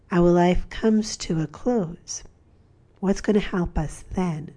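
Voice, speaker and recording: A woman with a low, mellow voice gives a spiritual talk. She tells a parable in a calm, measured way and then draws its lesson for the listener. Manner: calm storytelling, soft at times. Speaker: spiritual speaker.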